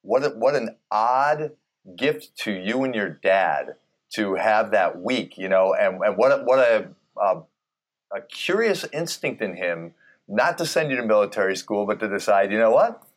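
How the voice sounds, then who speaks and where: A man's voice: on the low side, animated, unhurried. A man interviewing a guest, thoughtful and curious, often restarting as he searches for words. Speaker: interviewer, a doctor. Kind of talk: conversational interview.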